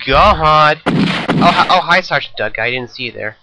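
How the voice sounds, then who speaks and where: A man's voice: a little high, lively intonation, moderate pace, pushed and bright, no echo, low-quality recording. A young man giving rambling, jokey commentary over a video game he is playing, talking to himself. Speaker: let's play commentator.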